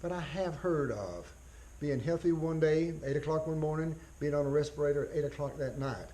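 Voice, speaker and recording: A man giving a college biology lecture in a folksy way, repeating key phrases, spelling out terms slowly and often clearing his throat. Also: a little high, mellow, low-quality recording.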